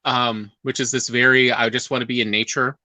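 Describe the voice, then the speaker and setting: A woman co-hosting a podcast, chatting casually and often pausing to search for words. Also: very deep voice, level tone, bright, forceful tone, dry recording. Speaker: podcast co-host. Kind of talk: casual chat.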